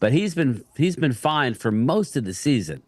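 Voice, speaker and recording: A man's voice: mid-range voice, big pitch swings, normal speed, no echo. A man co-hosting a live sports stream from a home setup, laid-back and joking with loose slang. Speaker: sports podcast co-host. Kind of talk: casual live-stream chat. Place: home studio with stream deck.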